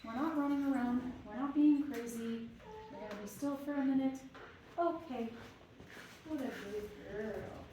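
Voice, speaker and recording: A woman dog trainer speaks with a fairly high voice, keeping her commands hushed and low while calmly explaining her method. She is picked up from a distance in a very echoey room. Steady background noise sits behind her voice. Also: moderate pace. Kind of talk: live training demonstration with commentary.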